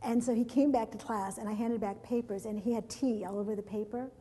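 A woman's voice: a little high, a little fast, husky. Woman lecturing in a reverberant hall. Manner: lively anecdotes, laughs often, repeats words. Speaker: education conference speaker. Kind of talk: conference presentation. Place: large conference hall.

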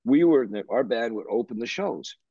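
Older canadian guy telling a rambling story, husky voice, lots of restarts, dull dry sound. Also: mid-range voice, moderate pace, no room sound. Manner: animated, rambling, restarts and swears. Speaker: interview guest, musician. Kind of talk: anecdotal storytelling.

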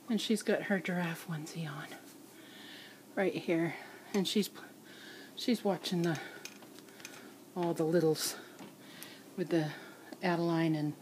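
A woman's voice: medium pitch, mellow, a little hiss or hum. A woman hosting a casual vlog from her home nursery, showing off her doll collection in a chatty, doting way and sounding a little out of breath. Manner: chatty, doting, halting with fillers and restarts. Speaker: reborn doll collector, channel host. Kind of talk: casual show-and-tell vlog. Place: home nursery room, indoors.

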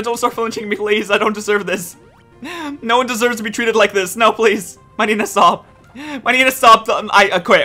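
A high-voiced man talks over his gameplay in a bright, tense tone, and his pitch swings widely. He is excitable and exasperated and swears freely. Faint music plays behind him. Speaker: let's play host. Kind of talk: gameplay commentary.

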